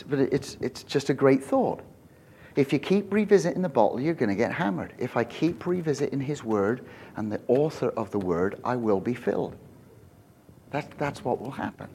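A man preaching a conversational sermon in a church, joking and animated, with self-deprecating asides. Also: mid-range voice, a little hiss or hum. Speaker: pastor.

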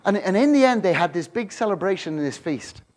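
A middle-aged man preaching a sermon, telling stories with lively swings from hushed to shouting. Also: high-pitched, a little fast.

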